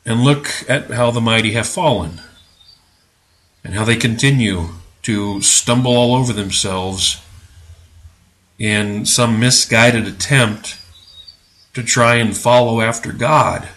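A male podcast host delivering religious commentary with a bright, forceful voice. He talks in a sarcastic, preachy way and leans hard on his points with indignant emphasis. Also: medium pitch, takes it slowly, pauses often.

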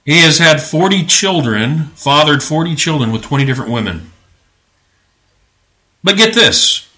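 Guy hosting a religion podcast, bright punchy voice, sarcastic and preachy, gets all indignant. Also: on the high side. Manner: emphatic, indignant. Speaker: podcast host.

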